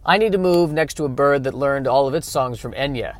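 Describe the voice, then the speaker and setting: A man's voice: medium pitch, brisk. Rambling, self-deprecating podcast guy. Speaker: podcast host. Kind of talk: casual comedic solo podcast monologue.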